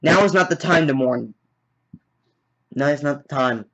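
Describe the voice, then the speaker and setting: A grim male alien warlord speaking slow and solemn, pitched well below the speaker's own voice, as a man puts him on. He sounds cold and calm. The recording is dull and lo-fi.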